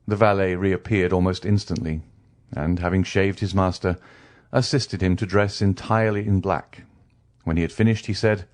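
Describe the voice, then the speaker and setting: Deep-voiced male audiobook narrator. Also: fairly even intonation, moderate pace, darkish tone. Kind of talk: scripted narration.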